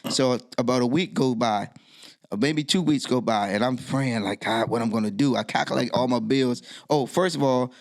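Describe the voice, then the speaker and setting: A middle-aged man with a gravelly edge to his voice tells a personal story in a relaxed interview. He is an animated storyteller who jumps into the voices of the people he quotes, at a middling pitch for a man. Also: normal speed. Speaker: DJ and podcast guest.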